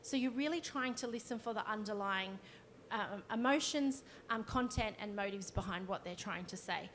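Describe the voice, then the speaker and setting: A woman's voice: mid-range voice, moderate pace, fairly bright tone, a little hiss or hum. A woman, a counsellor giving a conversational workshop talk and demonstrating as she explains. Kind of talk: live presentation to an audience.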